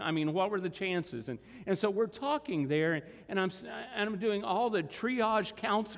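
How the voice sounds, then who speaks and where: A male pastor's voice sits high with a fairly bright tone as he shares a sermon story conversationally with his congregation. The large church hall gives the recording a long reverb.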